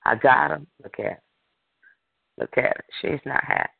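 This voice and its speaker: A gloating male devil sneers in low, mocking taunts at a moping believer, as a preacher puts him on. The voice is gravelly and comes through a thin, tinny phone line with no room sound. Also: expressive, moderate pace, no room sound, exaggerated voice.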